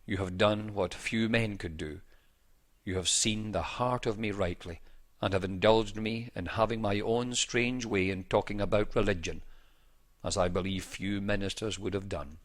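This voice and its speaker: A man voicing a gravely ill young male skeptic, proud but grateful, speaking in an earnest, formal, old-fashioned way. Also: lowish voice, fairly even intonation, moderate pace, close to an everyday voice.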